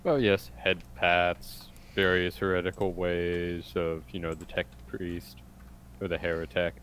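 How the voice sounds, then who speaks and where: A man plays in a tabletop game and talks in an unhurried, playful drawl. His voice sits a little low, with a faint hiss behind it. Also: flat delivery, fairly bright tone. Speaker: player. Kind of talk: casual tabletop play.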